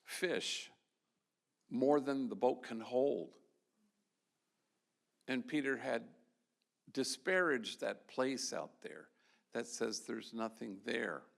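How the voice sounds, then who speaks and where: At an event hall with a live audience, a Jesuit priest gives an award talk, sharing stories in a loose, conversational manner and frequently restarting. He takes it slowly in a mid-range voice with vocal fry, pausing often.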